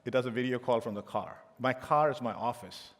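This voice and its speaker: A man's voice: mid-range voice, fairly quick. Middle-aged man, keynote talk, anecdotal and joking, long hall reverb. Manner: anecdotal and joking, with frequent restarts. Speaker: tech executive giving a keynote.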